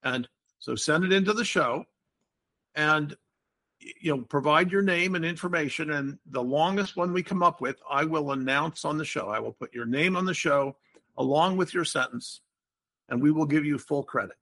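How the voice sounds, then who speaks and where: A man's voice: a little high, normal speed, sharp tone. An older man hosting a casual podcast chat, explaining word games in a playful, wordy way. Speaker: podcast host.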